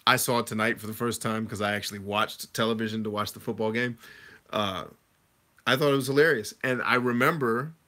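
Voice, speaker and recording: A man in his thirties talks through a casual livestream, reading viewer comments and answering them in an easygoing, conversational way. His voice sits a little low but has a bright, forceful edge. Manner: conversational, reads chat comments aloud and answers. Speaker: livestream host answering chat.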